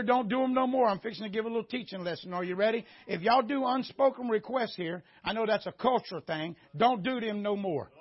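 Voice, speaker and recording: A man preaching a sermon, storytelling and swinging into loud shouted peaks. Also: sits high, slightly rough. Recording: dull lo-fi sermon audio.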